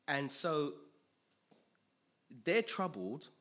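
A man preaching a sermon in an animated way, acting out scenes with sudden loud outbursts. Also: on the high side, extremely slow.

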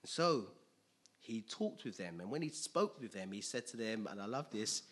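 A man preaching a sermon in an animated way, acting out scenes with sudden loud outbursts. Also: fairly low pitch, moderate pace, breathy edge.

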